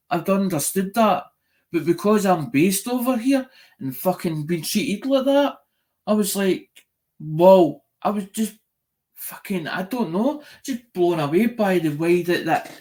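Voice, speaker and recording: A man's voice: high-pitched, darkish tone. A man ranting in a live-stream monologue, swearing a lot, repeating himself and restarting his sentences. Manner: sweary, repetitive, restarts often.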